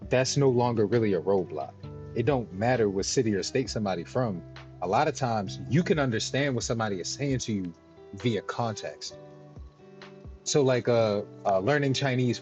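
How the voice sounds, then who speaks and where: A man's voice: mid-range voice, a little mellow. A male gaming streamer talking loosely and explaining at length, often checking in with "right?". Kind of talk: livestream commentary while gaming.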